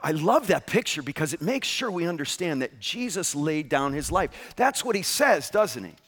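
A man delivering a sermon in a lively, sing-song way, his voice rising and falling widely. He sits a little high and presses each point home with rhetorical questions. A long reverb trails each phrase through the large room. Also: moderate pace. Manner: animated, emphatic, asks rhetorical questions. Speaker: pastor.

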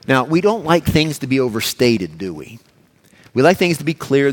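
A man's voice: mid-range voice, animated, moderate pace. A man preaching a sermon, emphatic and explanatory, asking the congregation rhetorical questions as he works through a passage verse by verse.

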